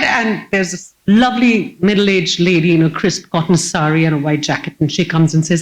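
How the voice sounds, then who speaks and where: A woman, giving a humorous personal storytelling talk as keynote speaker on stage before a live audience, lively and self-mocking. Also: on the high side, normal speed, low-quality recording.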